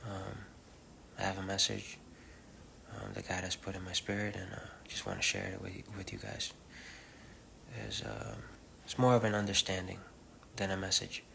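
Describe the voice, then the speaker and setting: A man giving an informal spiritual message on a live stream, speaking softly and haltingly with many pauses, mixing English and Spanish. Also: deep voice, creaky, slight background noise. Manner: soft-spoken, halting, many pauses and fillers; switches between English and Spanish. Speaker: preacher on a livestream. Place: home livestream. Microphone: phone or webcam.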